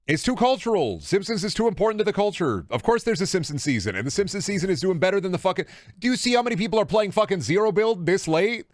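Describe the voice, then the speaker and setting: A man's voice: high-pitched, quick pace, no echo, studio quality. Profane, rambling young male streamer. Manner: rambling, profane, jokey, bursts of excitement. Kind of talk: casual gaming stream chat.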